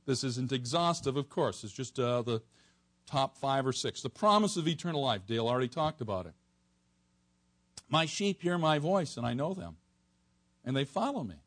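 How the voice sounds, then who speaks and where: Man, preacher, sermon, husky, very lively pitch, loud emphatic peaks. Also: moderate pace, pauses often. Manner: animated, swings from soft to near-shouting for emphasis. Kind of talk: expository sermon.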